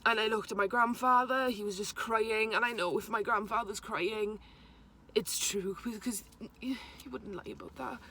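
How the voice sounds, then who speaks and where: A young woman speaks straight to camera, recounting a painful memory. Her voice sits a little high, and she often breaks off and starts her sentences again. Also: sharp tone, slight background noise. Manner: halting, emotional retelling with restarts. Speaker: vlogger. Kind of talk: personal storytelling to camera.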